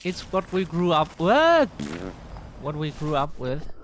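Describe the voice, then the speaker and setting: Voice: medium pitch, normal speed, slight background noise. A German-accented streamer, a native German speaker, chatting and explaining things to viewers during live gameplay.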